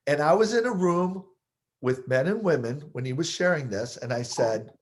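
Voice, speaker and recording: A man coaching listeners on triggers, explaining with lively stories he partly acts out. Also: fairly high pitch, normal speed. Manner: animated storyteller, acts out scenes. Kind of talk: explaining with stories, podcast talk.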